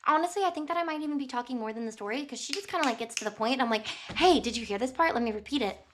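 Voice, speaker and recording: A woman's voice: sits high, lively intonation, very fast, fairly bright tone, a little hiss or hum. A woman streamer casually retelling a novel chapter, rambling with lots of fillers, giggling and apologizing. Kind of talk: casual chatty book retelling.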